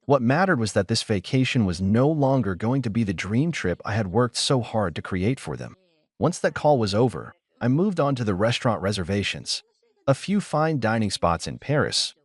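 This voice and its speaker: A man narrating a first-person story in a steady, measured way. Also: mid-range voice, dry recording.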